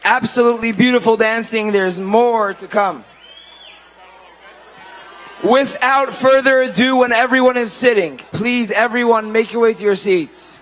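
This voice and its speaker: A man's voice: very high voice, unhurried, a bit bright, a little hiss or hum, rough recording. A man emceeing a banquet, repeatedly urging everyone to take their seats before introducing the entertainment. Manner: repeatedly urges the crowd to sit, building up the introduction. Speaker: event emcee. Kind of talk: announcing at a banquet.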